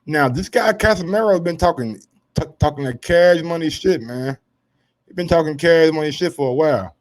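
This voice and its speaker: A man hosting a casual sports commentary show, brash and profane, swinging from low asides to loud heated rants. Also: normal speed.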